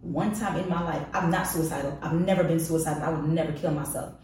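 Low-voiced woman telling her story frankly. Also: steady tone, fast, a little mellow, far from the mic, slight background noise. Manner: frank and confessional, emphatic repetition. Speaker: podcast guest. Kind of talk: candid personal storytelling. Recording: echoey room, voice off-mic.

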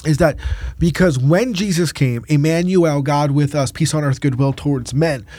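A man, a pastor, telling a faith story in casual podcast talk, acting out the quotes with lively energy. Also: a little high, moderate pace, no room sound. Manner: animated preaching storyteller, acts out quotes.

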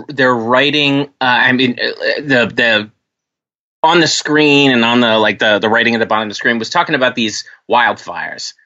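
A man's voice: mid-range voice, lo-fi sound. A man co-hosting a podcast, telling stories in casual chat and acting out the voices of the people in them. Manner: animated, swears, acts out voices in stories. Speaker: podcast co-host.

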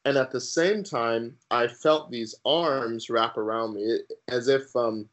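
A man guest on a podcast sharing his personal faith testimony in an earnest, halting way with many fillers. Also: medium pitch, fairly bright tone, rough recording.

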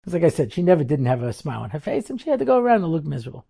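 A man's voice: fairly high pitch, big pitch swings, very fast, gravelly, dark tone, husky. A middle-aged man, a rabbi and seminary teacher, giving a storytelling lecture and acting out the people in his stories.

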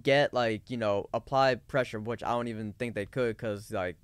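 Smooth-voiced man in casual podcast talk. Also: on the low side, fairly even intonation, normal speed, no echo. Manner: rambling, many fillers and restarts. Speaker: podcast co-host. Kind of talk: casual discussion.

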